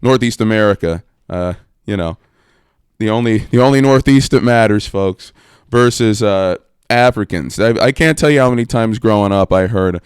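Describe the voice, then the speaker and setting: A man co-hosting a comedy podcast, riffing in a jokey, quick way and laughing often. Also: on the low side, clear, resonant tone, no echo, clean studio sound. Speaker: podcast co-host. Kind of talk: casual comedy podcast banter.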